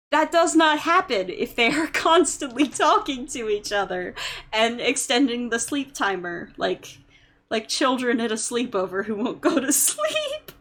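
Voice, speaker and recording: Slow-talking, high-voiced young woman streamer. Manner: chatty storytelling, heavy fillers, gets loud and exasperated when ranting. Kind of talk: casual chat.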